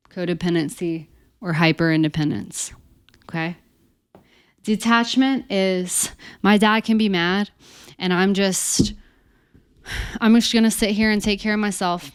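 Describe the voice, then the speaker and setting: A woman coach teaching in a casual, animated, conversational way, speaking straight to her listeners. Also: medium pitch, smooth, dry recording, studio quality. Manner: animated, conversational, addresses listeners as you guys. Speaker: codependency coach.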